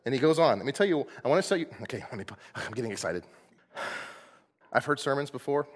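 Animated male pastor in a reverberant hall. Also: mid-range voice, fast. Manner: animated, playful, acts out voices. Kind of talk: sermon. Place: church sanctuary.

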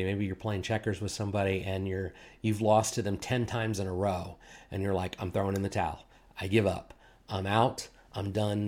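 A man preaching a sermon in a relaxed, conversational way, acting out quoted complaints and chuckling now and then. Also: fairly low pitch. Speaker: pastor.

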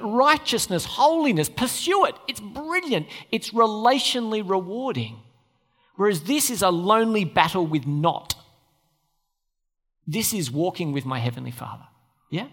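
A man's voice: sits high, big pitch swings, unhurried, fairly bright tone. A pastor preaching a conversational sermon to his church, often turning questions to the listeners. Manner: conversational, asks the audience questions. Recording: long hall reverb.

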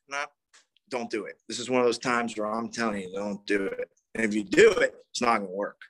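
A man's voice: lowish voice, animated, a little fast, pushed and bright. A man in his thirties telling a rambling, profane story at a recovery meeting. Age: 30s. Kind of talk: casual storytelling talk.

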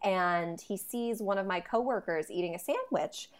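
Animated young woman telling a story. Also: mid-range voice, normal speed. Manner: animated storyteller, acts out quotes. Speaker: podcast guest. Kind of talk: casual chat.

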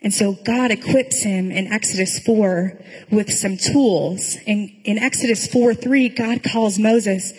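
Pastor giving a sermon, kinda breathy, chatty storytelling, echoey church. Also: female voice, medium pitch, takes it slowly, a little mellow. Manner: conversational storytelling, dry humor.

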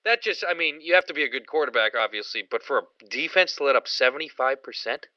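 Guy on a sports podcast, very bright sharp voice, laid back, says i mean a lot, dry lo-fi sound. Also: mid-range voice, lively intonation, quick pace, dry recording. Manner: easygoing, hedging with "I mean". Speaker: podcast co-host. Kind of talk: casual sports podcast chat. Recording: dry, dull lo-fi podcast audio.

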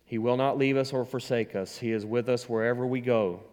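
A man's voice: mid-range voice, steady tone, brisk, a little mellow. A man pastor preaching a sermon with rising emphasis, asking the congregation to respond. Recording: long hall reverb.

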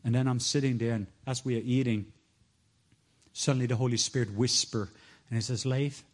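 A middle-aged man preaching, telling a personal story in a sermon, sometimes soft and hushed, and rising high when he quotes others. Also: fairly even intonation, brisk.

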